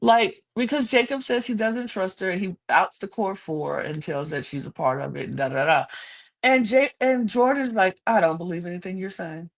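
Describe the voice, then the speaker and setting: Young female co-host: sassy, expressive and chatty, often leaping into squeaky outbursts. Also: normal speed, creaky. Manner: animated, sassy, swings into high-pitched exclamations. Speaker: podcast co-host. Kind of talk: casual reality-TV recap chat.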